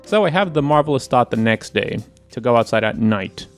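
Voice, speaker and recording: A man co-hosting a casual podcast, telling stories in an animated, profane way and acting out his own quotes. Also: mid-range voice, moderate pace, faint music behind. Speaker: podcast co-host, wine presenter. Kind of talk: casual chat.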